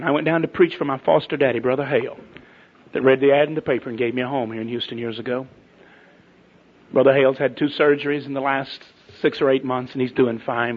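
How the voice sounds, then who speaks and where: Male preacher, husky and a touch high, folksy storyteller, dull lo-fi tape. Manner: folksy storytelling, swings from loud to hushed. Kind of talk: sermon to pastors.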